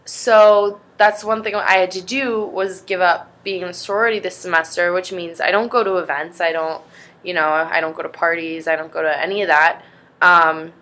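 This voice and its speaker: A woman's voice: on the low side, fairly even intonation, moderate pace, bright, forceful tone. A young woman vlogging in a rambling, chatty way, easily sidetracked. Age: young adult. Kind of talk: casual vlog chat.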